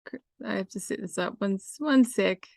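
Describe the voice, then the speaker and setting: A woman's voice: mid-range voice, moderate pace, creaky, a little mellow, dry recording. Woman, tabletop player, flustered, hesitant, dry close recording. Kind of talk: tabletop game play.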